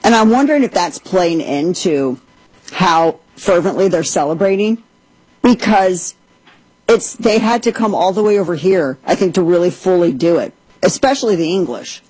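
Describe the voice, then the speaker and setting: Woman, podcast host, casual chatty commentary, sarcastic asides, husky voice, dry close sound. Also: lowish voice, animated, normal speed, darkish tone, dry recording, poor audio.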